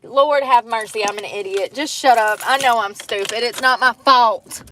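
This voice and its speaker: A woman's voice: fairly high pitch, normal speed, a bit bright, slight background noise. A woman chatting casually into her phone outdoors by the water, swearing freely and laughing often. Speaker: vlogger. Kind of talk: casual outdoor vlog chat. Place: outdoors by the water on a cold day.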